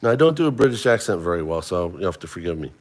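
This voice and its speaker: A man's voice: low voice, big pitch swings, rapid-fire. A middle-aged man hosting a casual livestream, chatting and running a trivia quiz for viewers he addresses by name. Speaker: livestream host.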